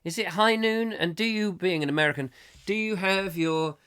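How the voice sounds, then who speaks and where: A man's voice: sits high, normal speed, fairly bright tone, clear, resonant tone. A middle-aged English man with a cold, hosting a live comic chat show, reading out viewer comments in a rambling, playful way. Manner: playful, rambling, slips into silly put-on accents. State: has a cold, coughing.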